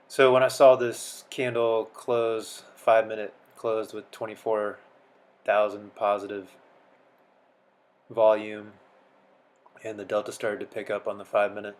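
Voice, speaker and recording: A man talking casually through his trading session, sounding sleepy as though he just woke up. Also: on the low side. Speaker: day trader. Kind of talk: casual trading commentary and voice-over.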